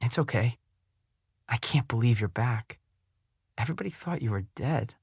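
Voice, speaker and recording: A man reading an audiobook, voicing an eager and friendly teenage girl in a bubbly, excitable way. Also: mid-range voice, moderate pace, creaky, breathy edge, no echo, clean studio sound, heavily acted.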